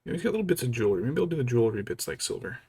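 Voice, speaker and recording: A man chats casually while he works on a miniature. His voice sits at a middling pitch. He rambles and muses to himself as thoughts come to him. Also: sing-song, very fast, vocal fry, dark tone, husky. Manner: rambling, thinking aloud while painting. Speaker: miniature painter. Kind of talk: casual hobby vlog chat.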